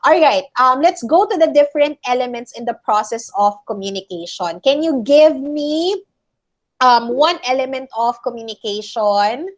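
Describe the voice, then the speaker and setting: A woman's voice: sits high, lively intonation, normal speed. A woman teacher with a Filipino accent, giving an online class lecture and often checking in with "okay?" and "all right?". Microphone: video call.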